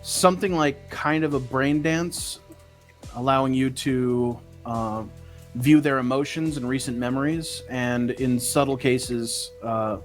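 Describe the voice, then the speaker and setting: A man voicing a female construct investigator who explains things slowly and hesitantly, with many fillers. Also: medium pitch, fairly even intonation, soft background music, natural voice. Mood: explaining.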